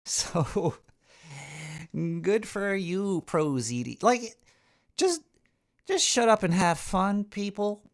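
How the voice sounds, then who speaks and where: A man's voice: high voice, huge pitch swings, slow. A man hosting a talk show, ranting in a rambling, profane way with frequent stammering and restarts. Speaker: radio show host.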